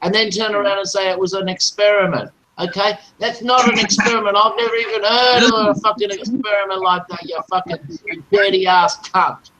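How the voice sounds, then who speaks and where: A man's voice: high voice, little pitch movement, brisk, hardly any pauses, a crowd in the background, rough recording. A man berating another user in a heated online voice chat, swearing constantly and repeating the other man's name. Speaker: voice chat room participant.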